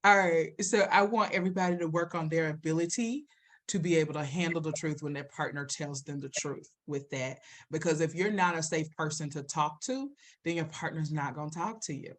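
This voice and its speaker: A woman therapist co-hosts a live show. Her voice sits on the low side, and she talks bluntly and emphatically, rising and getting louder to make a point. She also answers viewer comments. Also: fairly quick, slight background noise. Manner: emphatic, direct, swings loud and animated. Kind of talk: live-stream chat with viewers.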